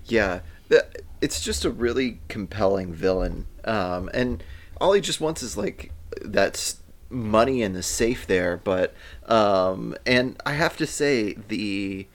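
An enthusiastic man chatting about films. His voice sits low and has a gravelly edge to it. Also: lively intonation, takes it slowly. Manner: enthusiastic, fond. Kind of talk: casual chat about movies.

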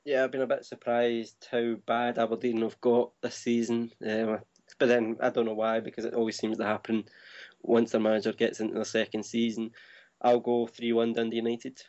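Flat-voiced man, measured. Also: mid-range voice, lo-fi sound. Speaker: co-host. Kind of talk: casual podcast chat.

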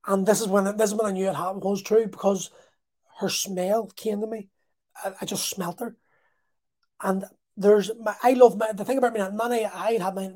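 Man, casual vlogger, heartfelt halting storytelling, mellow warm tone. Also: high-pitched. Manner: emotional, halting, repeats words. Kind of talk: personal storytelling.

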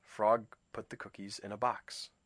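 A man's voice: on the low side, little pitch movement, a little slow, fairly bright tone, no room sound. A man hosting a reflective talk. He reads a children's story aloud and explains it thoughtfully, with small restarts. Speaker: host reading and discussing a children's book. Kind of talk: reflective commentary and read-aloud.

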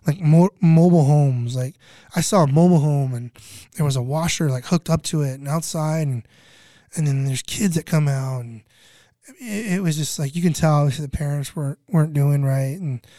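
A middle-aged guest from California chats casually about doing flood relief, wandering and repeating himself while acting out the voices of people involved. He has a fairly high but dark-toned voice at a moderate pace. The studio recording is clean, with no echo.

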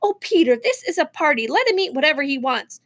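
A woman voicing a busy mother at a toddler's party, gently scolding. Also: high-pitched, big pitch swings, quick pace. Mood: coaxing.

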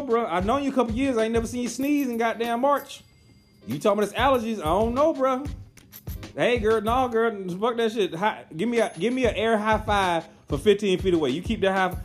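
A young man rants in a loose, profane monologue, jumping between complaints and jokes. His voice sits a little high for a man, and soft music plays underneath. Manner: profane, animated, ranting. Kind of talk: casual ranting monologue.

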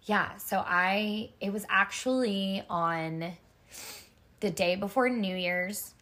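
This is a chatty woman co-hosting a casual podcast chat. She tells her story in a lively way and acts out the lines of the people in it. Her talk is full of "like" fillers, and her voice sits at an ordinary pitch. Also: slow. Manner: lively storyteller who acts out quotes from others. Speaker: podcast co-host.

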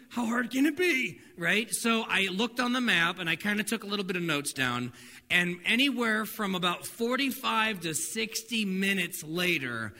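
A middle-aged male pastor giving a sermon, telling stories with energy and dropping softer for his main points. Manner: animated storytelling with laughs and acted-out dialogue; drops soft and low for spiritual points. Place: church hall. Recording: reverberant hall, faint noise.

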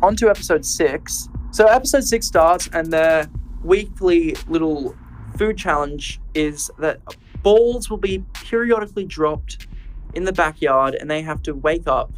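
A man co-hosting a podcast, casually recapping episodes and telling what happened in a relaxed, storytelling way. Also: on the high side, measured pace, a little hiss or hum, low-quality recording. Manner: walks through events in a relaxed, storytelling way. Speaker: podcast co-host.

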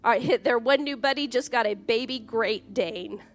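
A woman in her forties preaching a sermon in a church, lively, chatty and joking as she talks. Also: a little high, moderate pace. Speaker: pastor.

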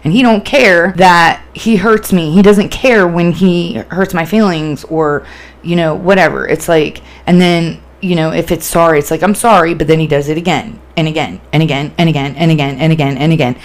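A woman's voice: low voice, normal speed. A woman hosting a casual solo podcast, talking candidly and with plenty of swearing, rambling through fillers and restarts. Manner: candid, profane, animated storytelling. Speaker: podcast host.

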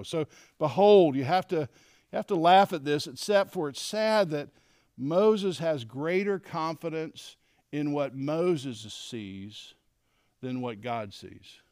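A middle-aged man teaching a Bible lesson to men, animated and acting out quoted lines. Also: a little high, takes it slowly, no echo, clean studio sound. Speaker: men's leadership teacher.

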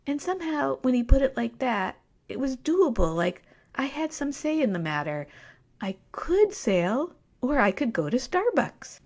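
A woman telling a personal story to an audience in a wry, self-mocking, animated way. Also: sits high, measured pace.

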